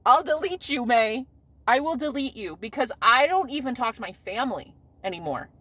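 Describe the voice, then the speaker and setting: A woman in her thirties, a vlogger talking casually outdoors on a street in a brash, loud-mouthed way, swearing and laughing often. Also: on the high side, expressive, normal speed, breathy edge, no room sound. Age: 30s.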